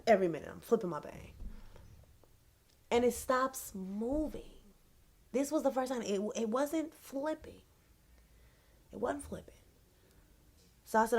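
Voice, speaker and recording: A young adult woman, telling a casual, animated, slangy storytime on her vlog. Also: a little high, unhurried, pauses often. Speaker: vlogger.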